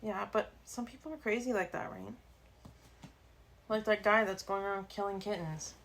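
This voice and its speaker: A woman co-hosting a true-crime podcast, recounting cases in a relaxed, rambling way. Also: mid-range voice, normal speed, gravelly. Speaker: podcast co-host. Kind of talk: casual storytelling chat.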